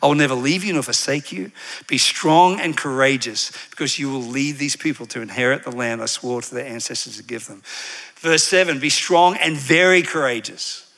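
A man's voice: mid-range voice, normal speed. A man preaching a sermon with energy, getting the congregation to repeat lines back and drifting into side stories. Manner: energetic, leads congregation call-and-response; animated, digressive storytelling.

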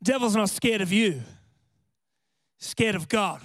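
High-voiced impassioned preacher. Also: male voice, lively intonation, a little slow, no room sound. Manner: impassioned, builds to shouting. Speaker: pastor. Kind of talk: sermon. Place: church service with worship band. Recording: music playing behind.

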